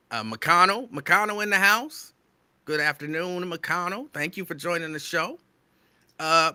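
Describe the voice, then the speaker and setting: Excitable man with a bright, loud voice. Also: on the high side, dry recording. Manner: loud and excitable, near yelling. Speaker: radio host. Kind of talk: live show shout-outs to listeners.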